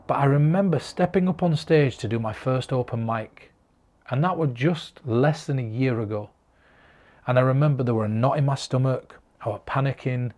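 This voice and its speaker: A man's voice: mid-range voice, normal speed, a little mellow. A man from the north of England talking straight to his own camera, giving earnest, encouraging advice to the viewer. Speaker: mentalist giving performance advice. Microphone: camera recording himself.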